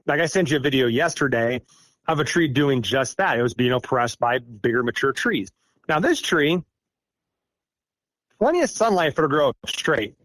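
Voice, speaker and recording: A man's voice: mid-range voice, lively intonation, moderate pace, a bit bright, no room sound. Rambling man from Iowa, dry sound. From Iowa, United States. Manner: rambling, self-deprecating, with frequent fillers. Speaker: guest recounting an encounter. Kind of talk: casual storytelling.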